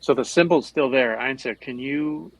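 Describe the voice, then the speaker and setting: A man playing a tabletop game, relaxed and planning moves aloud. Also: medium pitch, normal speed, gravelly, no echo, poor audio. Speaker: player.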